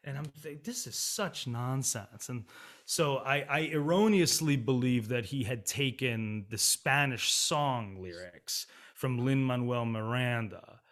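A man's voice: mid-range voice, unhurried. Candid man chatting as interview guest. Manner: candid, animated, laughs often. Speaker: opera singer and music writer, guest. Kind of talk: casual interview conversation.

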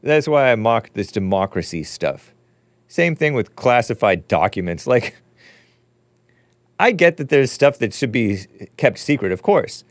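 A man's voice: medium pitch, big pitch swings, unhurried, no room sound. A man hosting a call-in show, talking in a casual, rambling way with mocking, opinionated commentary. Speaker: podcast host.

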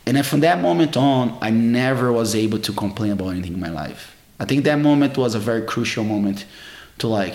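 A man's voice: medium pitch, lively intonation, brisk, darkish tone, roomy sound. A middle-aged man telling stories from his martial arts career in a casual interview, rambling with many fillers and restarts. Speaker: jiu-jitsu champion guest.

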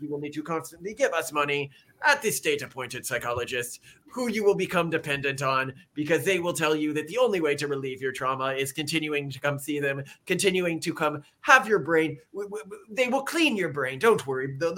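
A man's voice: fairly high pitch, brisk, sharp tone. A man co-hosting a casual talk show, mocking his targets and acting out quoted voices in exaggerated tones. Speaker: podcast co-host. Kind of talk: casual sarcastic commentary.

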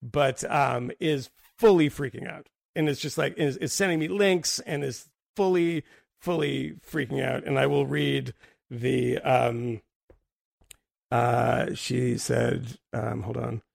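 A man's voice: medium pitch, fairly even intonation, slow pace, creaky, dry recording, studio quality. A man co-hosting a podcast in casual chat, rambling and restarting his sentences, often breaking into laughter. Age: adult with a daughter. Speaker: podcast co-host.

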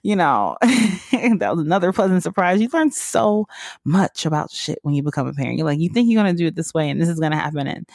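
A woman's voice: lowish voice, expressive, brisk, creaky, a little mellow, dry recording, studio quality. A woman from the American South, a podcast host, telling her own story in a rambling, casual way with lots of fillers and frequent laughs.

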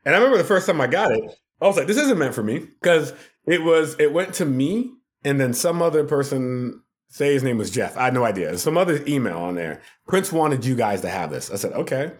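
A man, a podcast guest, telling funny stories from his work in a casual, animated way, often laughing. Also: mid-range voice, fairly quick. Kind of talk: casual storytelling.

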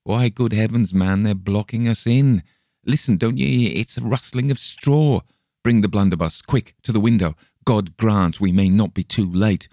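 A man's voice: sits low, normal speed, few pauses, no room sound, clean studio sound, lightly acted. A man voicing a shaken man in an audiobook, shifting from feverish terror to urgent defiance, speaking in gasping, raised exclamations. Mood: urgent alarm. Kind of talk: audiobook character voice.

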